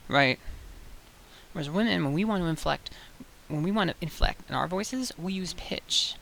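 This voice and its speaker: A young woman giving a casual voice-training tutorial, chatty and loose, with fillers and quick self-corrections. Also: fairly low pitch, gravelly, fairly bright tone. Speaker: voice coach. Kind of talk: casual tutorial talk to camera. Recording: faint hiss.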